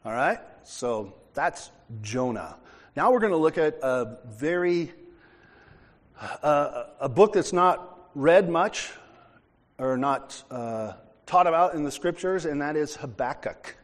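A man's voice: fairly high pitch, sing-song, slow, long pauses. A man from the United States preaching a sermon, reading scripture aloud and then explaining it in a conversational way. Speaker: pastor. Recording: long hall reverb.

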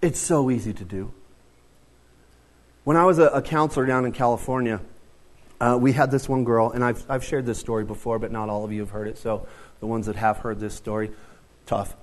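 A man's voice: mid-range voice, steady tone, fairly quick, pauses often. A man in his fifties preaching a sermon in a conversational, storytelling way, with joking asides. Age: 50s.

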